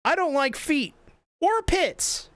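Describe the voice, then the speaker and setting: A man's voice: very high voice, very animated, slow pace, a bit bright, dry recording. A man co-hosting a podcast in casual chat, teasing his co-hosts and reading out comments from the live chat. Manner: teasing, jumps in and reads chat aloud. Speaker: podcast co-host.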